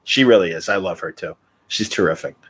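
A man's voice: low-pitched, brisk, fairly bright tone, husky. A man hosting a casual live stream, giving brief, encouraging replies to his guest. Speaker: host.

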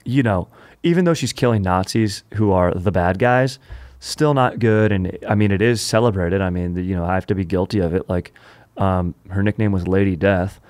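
A man hosting a comedy podcast, telling a history story in an animated, joking way full of puns. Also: sits low, moderate pace, no echo. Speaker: podcast host.

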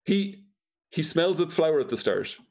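His voice sits on the high side, sing-song with vocal fry, at a moderate pace. He's a podcast co-host chatting comedically through a film's plot, dry and incredulous, laughing frequently.

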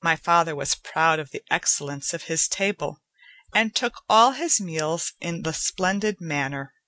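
A woman narrating a short story as an audiobook reader, in an even, unhurried way. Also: low-pitched, dry recording.

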